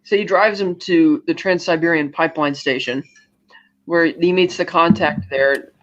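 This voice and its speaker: A man co-hosting a podcast, recapping a movie in casual chat and slipping into quick character voices. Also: fairly high pitch, fairly even intonation, fairly bright tone, a little hiss or hum. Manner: retells scenes with quick offhand character voices. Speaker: podcast co-host. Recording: dull lo-fi audio.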